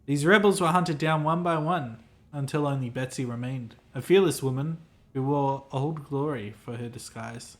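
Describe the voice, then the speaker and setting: A man's voice: on the high side, animated, moderate pace, close to an everyday voice. A man voicing a pompous, self-important male hotel clerk in a game, reading the lines aloud in a formal, fussy, theatrical manner.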